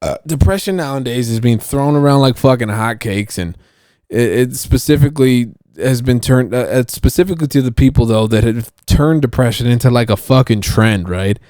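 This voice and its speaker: A man's voice: mid-range voice, normal speed, darkish tone, no room sound, studio quality. A young man hosting a podcast alone, rambling casually and swearing constantly, with lots of restarts. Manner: profane, rambling, many restarts. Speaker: podcast host.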